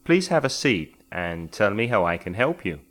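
A man voicing a calm male private detective in his own low, measured voice.

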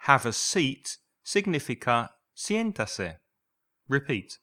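A man teaching a language lesson, enunciating slowly and carefully through repeated drills. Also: mid-range voice, very animated, pushed and bright.

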